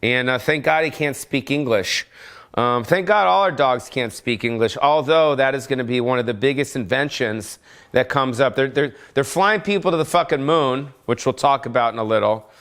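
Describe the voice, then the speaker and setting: Speaking in a mid-range, slightly bright voice, a man hosting his own podcast rants without a script from home. As a comedian, he keeps it rambling, jokey, and full of profanity.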